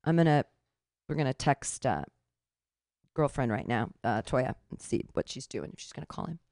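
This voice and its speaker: Low-voiced woman singing comic songs. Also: animated, normal speed, darkish tone, no room sound, studio quality. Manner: sings own comic songs unaccompanied, then chats with laughs and fillers. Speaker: radio show host. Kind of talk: casual a cappella singing and chat.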